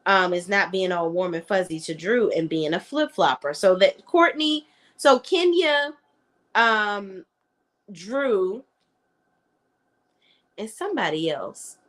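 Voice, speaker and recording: A woman's voice: fairly low pitch, a bit bright. Blunt chatty woman recapping reality TV. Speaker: reality TV reviewer. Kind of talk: casual chat recap.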